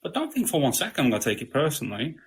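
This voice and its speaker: A man's voice: fairly high pitch, wildly swooping pitch, racing. Blunt, swearing man. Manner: blunt, swears freely, repeats "you know what I mean". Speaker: podcast guest. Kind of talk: casual spiritual conversation.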